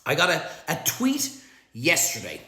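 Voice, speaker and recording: An Irish restaurant owner talking straight to camera in a blunt, sweary opinion vlog, sick with flu and clearing his throat. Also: on the high side, wildly swooping pitch, measured pace, pushed and bright, echoey room.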